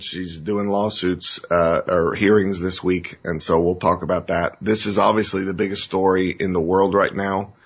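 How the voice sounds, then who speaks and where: Male talk host, very low and husky, earnest and rambling, lo-fi audio. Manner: earnest, rambling, restarts and gets choked up. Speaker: show host. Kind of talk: emotional political talk show monologue.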